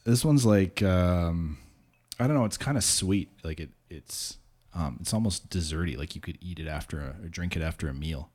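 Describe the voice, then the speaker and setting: A man's voice: low-pitched, moderate pace, darkish tone. A man, the show's technical producer, chatting casually in a laid-back, modest, hesitant way. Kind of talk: casual chat.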